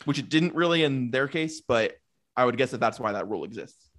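A man's voice: mid-range voice, animated, brisk, fairly bright tone. A man co-hosting a podcast, chatting about a reality show with lots of "like" fillers. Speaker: podcast co-host. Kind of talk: casual chat recapping a reality show.

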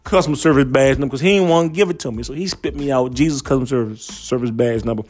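A man hosting a comedic story time show, telling a tale in a profane, slangy, animated way. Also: medium pitch, fast talker, faint music behind.

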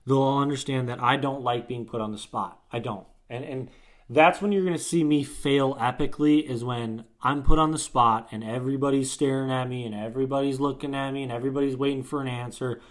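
A man's voice: mid-range voice, fairly even intonation, brisk. Profane, rambling young man telling stories. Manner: profane, rambling storyteller with frequent restarts. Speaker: podcast co-host. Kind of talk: casual chat.

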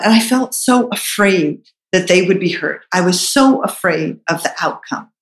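A woman's voice: lowish voice, expressive, normal speed, roomy sound, poor audio. A middle-aged woman telling a personal story in a reflective, earnest way, with hesitant restarts.

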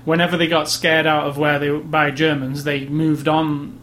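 Male co-host, higher voice, casual rambling review talk, light hiss behind. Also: flat delivery, normal speed, a bit bright. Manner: thoughtful, rambling, restarts sentences. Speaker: movie review podcast co-host. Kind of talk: casual chat.

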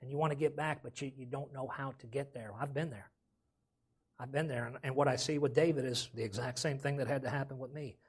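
A man's voice: mid-range voice, fairly even intonation, brisk, slightly rough. A man preaching a sermon as pastor, with folksy casual grammar and frequent calls of "amen?".

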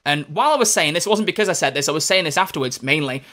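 A man co-hosting a podcast, telling stories in an excitable, rambling way with plenty of fillers. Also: on the high side, very fast. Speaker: podcast co-host. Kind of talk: casual chat.

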